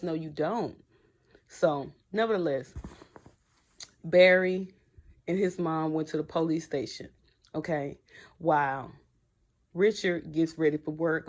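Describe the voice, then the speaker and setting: Woman going over an episode, kinda low voice, blunt and slangy, talks right at the viewers. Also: darkish tone. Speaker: TV episode reviewer. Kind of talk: casual recap chat.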